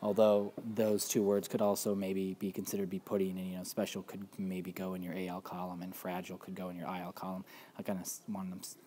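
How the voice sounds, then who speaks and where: Relaxed man with a dark voice, teaching. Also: low-pitched, quick pace, a little hiss or hum. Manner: relaxed, informal, many fillers. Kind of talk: recorded spelling lesson.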